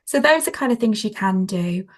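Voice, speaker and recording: A woman, speaking as a trainer in a conversational interview, practical and animated, with many fillers and restarts. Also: medium pitch, moderate pace. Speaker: trainer, guest.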